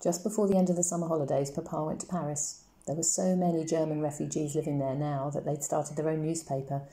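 Woman narrator for a children's novel, deep voice, mellow tone, steady measured delivery. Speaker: audiobook reader. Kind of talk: storybook narration.

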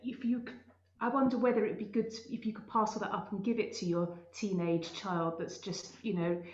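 Woman host thinking out loud, echoey room, bit muffled. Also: medium pitch, steady tone, brisk. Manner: reflective, musing. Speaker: podcast host. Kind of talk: casual chat. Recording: roomy, dull lo-fi sound.

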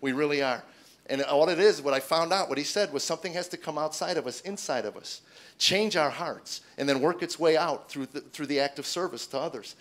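Fast-talking middle-aged male comedian. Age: 40s. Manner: animated, acts out quotes with big loud jumps in pitch. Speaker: stand-up comedian. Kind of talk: stand-up storytelling testimony. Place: stage before an audience.

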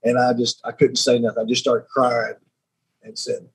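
A man's voice: medium pitch, monotone, normal speed, vocal fry, slightly rough, low-quality recording. A man in his thirties from Alabama, a podcast guest telling a personal story in an earnest way, often restarting and repeating himself. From Alabama, United States. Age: 30s.

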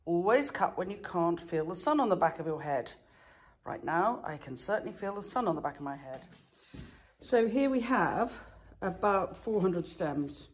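A woman's voice: on the low side, very animated, moderate pace. A woman flower farmer and florist talking through her wedding flowers in a chatty, self-deprecating way, laughing now and then. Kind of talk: casual how-to vlog. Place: outdoors in a summer garden.

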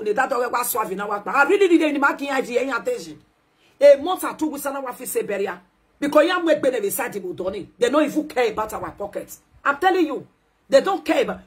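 A Nigerian woman ranting in a loud, animated, scolding way, switching between Pidgin and a local language. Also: a little high, breathy edge. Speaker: social media commentator. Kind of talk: ranting live video commentary.

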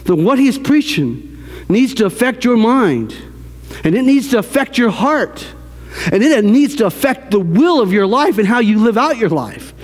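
High-voiced pastor preaching in a reverberant hall. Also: male voice, moderate pace. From American South. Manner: animated preaching with repeated phrases and restarts. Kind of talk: sermon. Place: church sanctuary.

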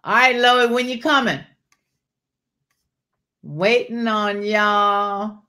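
A woman's voice: mid-range voice, very slow. Chatty woman hosting a live jewelry sale. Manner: chatty, calls out viewers by name, folksy Southern-style warmth in words like y'all. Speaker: live-stream jewelry seller. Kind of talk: casual live-stream sales chat.

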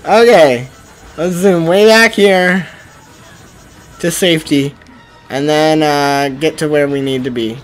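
A male streamer commentating his gameplay, often frustrated and ranting at the game, with sudden bursts of yelling. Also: fairly high pitch, slow, pauses often, faint music behind.

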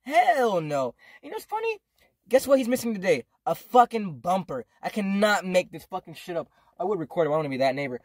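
Fast-talking slangy young man. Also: high voice, big pitch swings, dry recording, clean studio sound. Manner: slangy, profane, rambling storytelling. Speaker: vlogger. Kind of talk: casual storytime.

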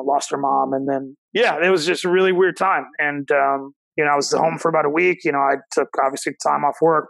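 Podcast guest: man in his 30s, from Ohio, gravelly, higher register, reflective and halting. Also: fairly bright tone, dry recording, poor audio. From Cincinnati, Ohio, USA. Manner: reflective, halting, many restarts and 'you know' fillers. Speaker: chef and restaurant owner, podcast guest. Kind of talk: casual interview storytelling.

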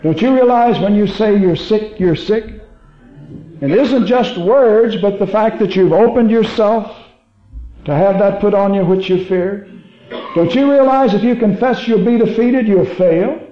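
High-voiced preacher in an echoey church. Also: male voice. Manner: animated storytelling, acting out quoted voices; hushed, slow prayer. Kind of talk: sermon with prayer. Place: church sanctuary. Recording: echoey, dull archive sermon recording.

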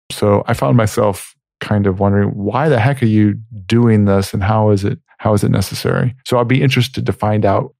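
A man with a somewhat low voice asks probing, thoughtful questions in a casual podcast discussion. The sound is dry and close, with no room around it. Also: creaky, darkish tone, no room sound. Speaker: podcast co-host.

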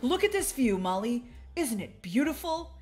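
A woman's voice: a little high, sing-song, normal speed, faint music behind. A woman voicing an eager, stubborn dad set on a camping trip in a game role-play, upbeat and insistent. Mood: cheerful. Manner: upbeat, insistent, bursts into yelling. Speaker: roleplay gamer.

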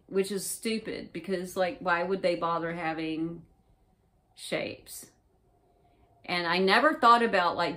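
A woman's voice: fairly low pitch, a bit bright. Rambling, profane woman vlogger. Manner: rambling, profane, filler-heavy. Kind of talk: casual first-person recounting.

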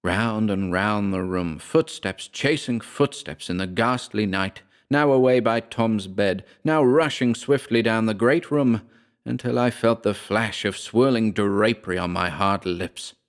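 A man narrating a horror story as an audiobook, slow and dramatic, dropping to a hush in the darkest passages. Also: fairly low pitch.

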